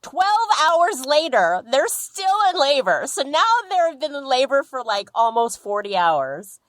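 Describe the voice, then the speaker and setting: Animated woman telling a story. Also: high-pitched, measured pace, no room sound. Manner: animated, acts out the people in her stories. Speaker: podcast guest. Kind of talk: casual storytelling.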